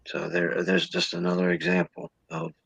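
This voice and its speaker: A man's voice: a little high, big pitch swings, normal speed, vocal fry, fairly bright tone, breathy edge, no room sound, rough recording. A man in a casual political chat, ranting and mocking opponents in sarcastic voices. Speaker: podcast guest.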